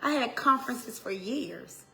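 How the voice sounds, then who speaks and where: A woman minister with an Atlanta accent, preaching in a heartfelt talk that swings from hushed tones to loud exhortation, with Southern turns of phrase and repeated lines. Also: a little high, animated, a little slow, vocal fry, faint music behind. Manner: impassioned, swings from hushed to shouting.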